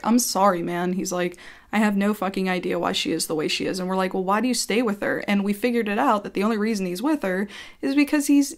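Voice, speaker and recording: A woman YouTuber telling a story in a casual, rambling rant, heated and swearing freely. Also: medium pitch.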